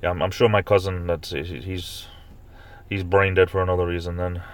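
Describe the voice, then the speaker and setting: Man, live streamer, low-pitched, chatty and rambling, playful mock outrage. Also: level tone, normal speed, clear, resonant tone. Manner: rambling, chatty, with repeated fillers and restarts; bursts into high-pitched mock outrage when ranting. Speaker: live stream host reading chat. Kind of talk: casual live stream chat.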